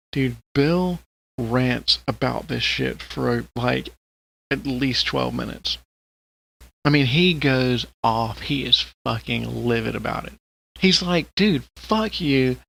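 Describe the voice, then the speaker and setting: A man co-hosting a podcast, chatting casually and retelling stories in an excitable, profane way. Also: mid-range voice, creaky. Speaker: podcast co-host. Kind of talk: casual chat.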